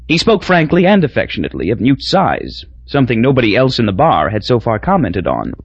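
A man reading a novel aloud as the narrator, in a dry, measured storytelling manner. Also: medium pitch, wildly swooping pitch, breathy edge, no room sound. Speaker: audiobook narrator. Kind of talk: scripted narration. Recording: dull lo-fi recording.

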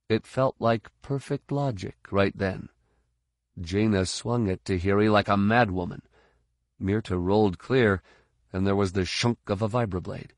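A man narrating an audiobook in a steady, measured voice. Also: on the low side, dry recording, studio quality. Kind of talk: scripted narration.

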